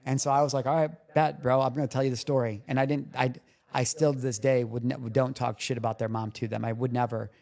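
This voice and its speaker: A man's voice: mid-range voice, level tone, fast, darkish tone. A man guesting on a podcast as a recovery coach, telling a personal story candidly and emotionally, swearing casually.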